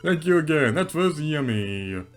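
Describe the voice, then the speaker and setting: A frantic male alligator from a video game, voiced loud and overwrought by a woman doing the voice. His pleas rise high and break into shouts, swinging all over. He sounds desperate and theatrical. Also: sing-song, a little slow, soft background music. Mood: cheerful. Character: hysterical male alligator craving dog food.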